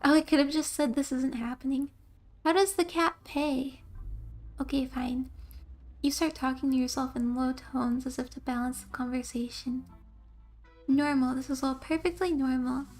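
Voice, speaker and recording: A young woman streamer reads game text aloud in a high, steady voice with a darkish tone, speaking at a moderate pace. Between lines she tells rambling stories and laughs often, with faint music in the background of this casual game commentary.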